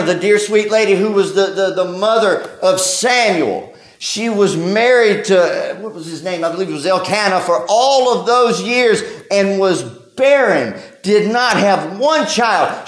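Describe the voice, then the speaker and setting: Man, pastor, high voice, impassioned sermon, pleading cries, echoey church room. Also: a bit bright.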